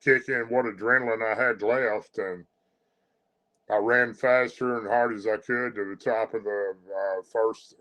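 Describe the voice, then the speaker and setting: A middle-aged man, telling his own story as a guest in a halting, rambling way. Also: lowish voice, fairly even intonation, fairly bright tone, rough recording. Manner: rambling, halting, many fillers and restarts. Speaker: guest telling a creature encounter. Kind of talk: first-person storytelling.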